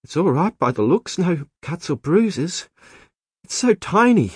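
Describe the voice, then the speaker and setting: A man voicing a gentle, devout young woman, a lighthouse keeper's wife, speaking softly and tenderly in an audiobook. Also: a little high, big pitch swings, a little slow, breathy edge, dry recording, pitched above the performer's own voice, full character voice. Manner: soft and tender, hushed in prayer. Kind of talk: audiobook character voice.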